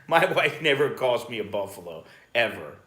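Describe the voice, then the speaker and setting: Here a mid-range American voice with a sharp edge drifts through casual talk on a live stream, swearing now and then. He's a vlogger broadcasting from his place in Bangkok, and the sound carries a roomy echo.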